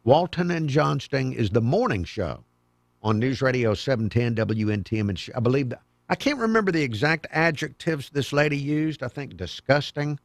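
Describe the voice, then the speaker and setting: A man's voice: mid-range voice, big pitch swings, moderate pace, vocal fry, no room sound. A man hosting a call-in radio talk show in a studio, chatty and folksy as he takes calls. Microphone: studio microphone.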